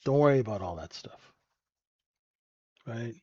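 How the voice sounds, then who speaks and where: A man's voice: medium pitch, expressive, unhurried, a little mellow, breathy edge, no room sound, highs cut off. A man hosting a live trading room, giving casual, blunt and joking market commentary and often asking "right?". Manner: blunt and profane. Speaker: trading room host and mentor.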